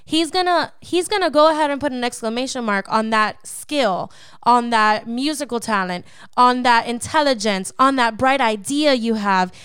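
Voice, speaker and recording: A woman's voice: a little high, moderate pace, fairly bright tone, smooth, no echo, clean studio sound. A woman co-hosting a devotional Bible podcast, teaching in an emphatic, preacherly way and often checking in with the listener. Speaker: podcast co-host.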